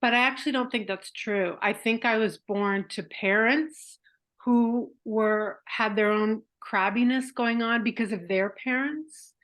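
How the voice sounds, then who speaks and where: A woman's voice: fairly high pitch, a little slow, a bit bright. A woman hosting a casual podcast chat, rambling along with frequent fillers and restarts. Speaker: podcast host.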